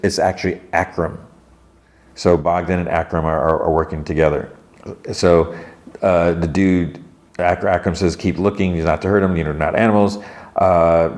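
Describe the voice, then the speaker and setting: A man's voice: sits low, darkish tone. A man hosting a podcast, casually retelling a TV episode scene by scene and acting out bits of dialogue. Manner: retells scenes loosely, acting out characters' lines. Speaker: podcast host.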